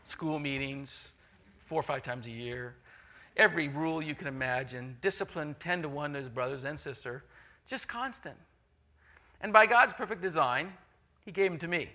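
A middle-aged man preaching a sermon, telling a story with lively acted-out voices. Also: a little high. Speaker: pastor.

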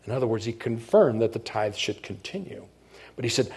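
Middle-aged male pastor, husky mid-range voice, chatty sermon delivery that keeps asking the congregation if they follow. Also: mid-range voice, lively intonation, brisk, a little mellow. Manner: conversational, checks in with the congregation.

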